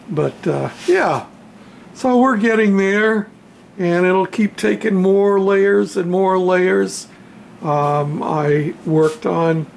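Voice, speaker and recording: A man in his home hobby workshop, casually showing his model railroad backdrop in an unhurried, halting way with lots of fillers. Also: on the high side, vocal fry, a little mellow, slight background noise. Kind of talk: casual show-and-tell.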